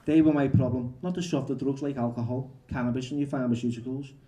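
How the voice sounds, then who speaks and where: A male author reading his memoir aloud at a bookshop event, halting and correcting himself as he goes. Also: mid-range voice, fairly even intonation, mellow. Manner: halting, restarts and self-corrections.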